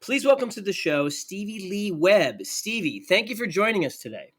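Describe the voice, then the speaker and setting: A man's voice: high-pitched, very animated, normal speed, a bit bright. Upbeat New Jersey man hosting. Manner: enthusiastic, playful. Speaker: podcast host. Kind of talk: casual interview chat.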